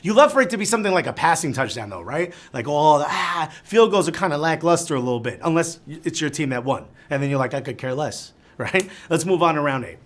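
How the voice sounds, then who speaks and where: A man's voice: fairly high pitch, expressive, fast talker, hardly any pauses, fairly bright tone. A Cuban American man hosting a live trivia game show, reading questions and cracking chatty jokes between them.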